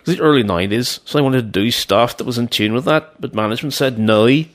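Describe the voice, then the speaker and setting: A man's voice: medium pitch, brisk, lightly acted. A man putting on a Northern Irish accent to voice a male singer speaking over the phone. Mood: rueful. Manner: put-on accent, recounting.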